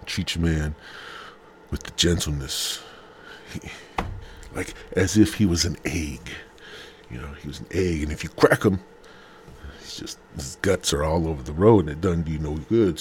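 A man's voice: very deep voice, moderate pace, long pauses, darkish tone, slight background noise. A man hosting a podcast from his bed at home, talking casually in a rambling, profane, slangy way. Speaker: podcast host.

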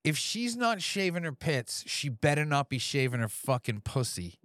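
A man's voice: on the high side, sing-song, moderate pace, a bit bright, no echo, clean studio sound. Blunt, profane podcast co-host man. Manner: blunt, short interjections, profane. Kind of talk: casual chat.

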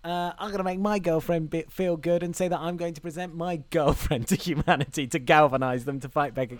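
Excitable podcast host with a dry sound. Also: male voice, a little high, brisk, dry recording. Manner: excitable, swears often, laughs a lot. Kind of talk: casual comedic chat.

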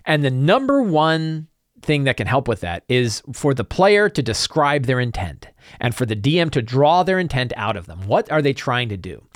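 A middle-aged man hosting a casual solo talk show, animated, acting out quick bits of dialogue as he explains. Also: medium pitch, no echo, clean studio sound. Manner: animated, acts out player and game master lines in quick asides. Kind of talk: solo casual talk about tabletop games.

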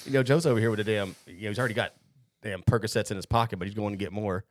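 A man's voice: fairly low pitch, very fast. A man hosting a podcast, telling a long, rambling, profane story in casual chat. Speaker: podcast host.

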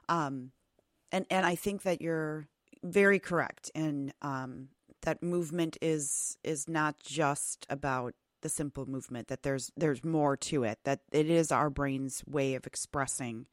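A woman hosting an interview, asking thoughtful, halting questions. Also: low voice, no echo, studio quality. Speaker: podcast host. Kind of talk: conversational interview.

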